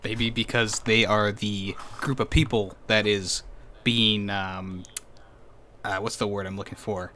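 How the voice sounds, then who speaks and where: A man's voice: on the low side, little pitch movement, measured pace, pushed and bright, a little hiss or hum. A man co-hosting a podcast, chatting casually in a laid-back, playful, hesitant way. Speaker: podcast co-host. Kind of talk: casual chat.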